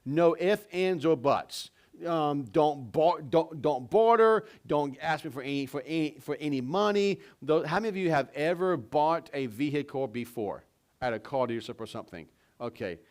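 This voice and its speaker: Man, pastor, church sermon, chatty storytelling, fairly high-pitched. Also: a little mellow. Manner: conversational storytelling with questions to the congregation. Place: church sanctuary.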